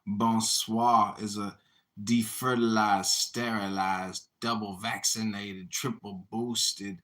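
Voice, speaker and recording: A man trading mocking jabs in casual live stream banter, needling and teasing, swinging between loud jabs and quick muttered asides. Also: lowish voice, little pitch movement. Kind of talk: casual trash-talk banter.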